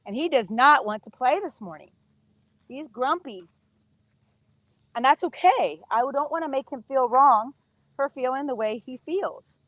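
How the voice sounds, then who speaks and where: A woman's voice: sits high, expressive, unhurried, pauses often, dry recording, dull audio. Chatty woman coaching a horse. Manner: chatty, coaxing praise to the horse. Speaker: horse trainer. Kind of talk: casual teaching while working a horse.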